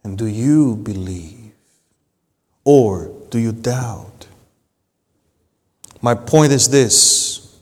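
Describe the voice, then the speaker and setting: Slow, emphatic preacher in a reverberant hall. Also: male voice, mid-range voice, darkish tone. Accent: non-native English accent. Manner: emphatic preacher, slow deliberate phrasing with sudden rises. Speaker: pastor. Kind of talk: sermon.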